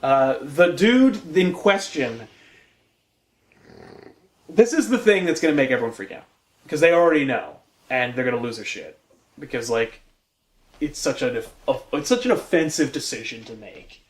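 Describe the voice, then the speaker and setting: A man's voice: mid-range voice, animated, normal speed, pauses often. A man co-hosting a casual comic book podcast, ranting and swearing with laughter. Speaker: podcast co-host.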